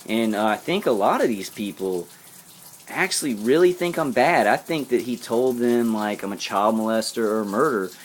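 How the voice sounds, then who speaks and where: A man's voice: mid-range voice, normal speed. A man talking casually to his viewers, rambling and earnest, often breaking off and restarting his sentences. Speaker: vlogger.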